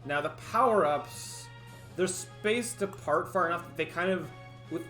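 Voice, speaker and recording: A man's voice: high voice, unhurried, pushed and bright, soft background music. A man livestreaming as a game developer, rambling and thinking aloud in casual chat, often laughing at himself.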